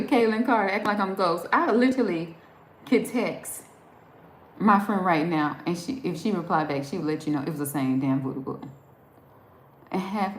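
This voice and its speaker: A woman from New Jersey with a Southern accent, rambling and laughing as she chats with viewers on a live stream. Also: medium pitch. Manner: chatty, rambling, laughs often. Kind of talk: casual chat reading viewer comments. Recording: echoey room with faint background noise.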